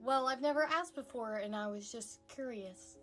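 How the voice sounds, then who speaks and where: A woman's voice: moderate pace, a bit bright, faint music behind, close to an everyday voice. A woman voicing an exasperated, sarcastic teenage daughter who whines and pleads in a comedy sketch. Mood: whiny. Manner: whiny, high and pleading.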